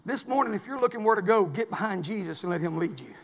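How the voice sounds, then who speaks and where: A man's voice: high-pitched, lively intonation, quick pace. A man preacher, delivering an impassioned, repetitive sermon in a church. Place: church sanctuary. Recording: long hall reverb.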